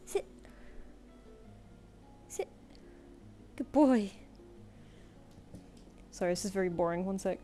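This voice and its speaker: A woman's voice: mid-range voice, lively intonation, slow pace, pauses often, mellow, soft background music. Chatty British woman streaming from home. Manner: chatty, coos and gives commands to her cat. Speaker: artist streamer. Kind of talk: casual live-stream chat. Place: home room.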